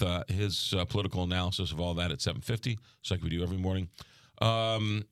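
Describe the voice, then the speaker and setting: A man's voice: fairly low pitch, a bit bright, no echo, clean studio sound. A man with a New York accent hosting a morning radio show, chatting casually with frequent ums and uhs. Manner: halting, lots of ums and uhs. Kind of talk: casual on-air chat.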